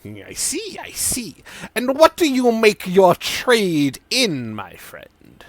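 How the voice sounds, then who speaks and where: A man's voice: high-pitched, huge pitch swings, slow pace, a bit bright, dry recording, pitched above the performer's own voice, full character voice. A man voicing an eccentric, pompous male merchant alchemist who speaks with grand flourishes. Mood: theatrical.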